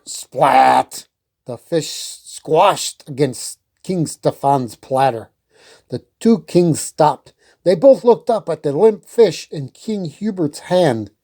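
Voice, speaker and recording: A woman reading a storybook aloud in an unhurried, expressive way. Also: deep voice.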